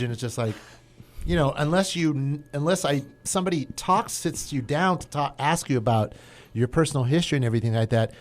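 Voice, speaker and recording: A man's voice: on the high side, a little fast. A man hosting a casual podcast interview, encouraging his guest and chiming in with agreement. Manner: encouraging, lots of backchannel agreement. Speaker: podcast host.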